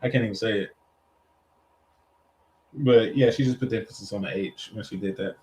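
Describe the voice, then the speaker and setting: A man's voice: fairly low pitch, fairly even intonation, brisk, a little mellow, low-quality recording. A man commenting on clips and reading viewer comments in a loose, rambling, profane way. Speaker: streamer reacting to clips. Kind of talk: casual commentary.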